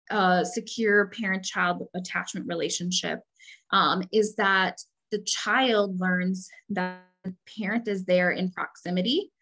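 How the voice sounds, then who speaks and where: A woman's voice: mid-range voice, a bit bright, poor audio. A woman in the middle of her range, presenting on child development and walking through examples step by step. Her delivery is explanatory and conversational, with fillers like "um" and "like" running through it. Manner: explanatory, with frequent "like" and "um". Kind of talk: educational presentation.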